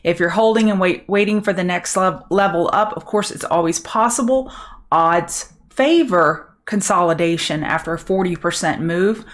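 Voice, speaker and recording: A middle-aged woman from Louisiana, USA, with a Southern accent hosts a live market commentary stream as a trading show host. Speaking in a lowish voice at a moderate pace, she's chatty and upbeat, answering viewers by name.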